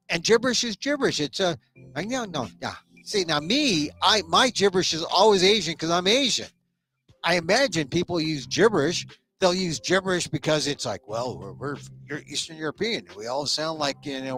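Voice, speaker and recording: A middle-aged American man hosts a small talk show, giving a sarcastic comedic monologue full of quick restarts. His voice sits on the high side, with a bright, forceful tone.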